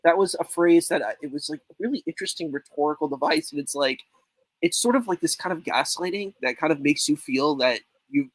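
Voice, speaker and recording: Animated man rambling on a panel. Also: fairly high pitch, dry recording, low-quality recording. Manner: rambling, animated when quoting others. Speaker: debate panelist. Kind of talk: casual panel chat.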